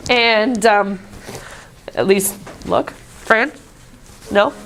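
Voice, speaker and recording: A woman's voice: medium pitch, big pitch swings, very slow, fairly bright tone. A woman teaching a history class in a classroom, chatty and joking, acting out quoted voices. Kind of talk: casual classroom lecture.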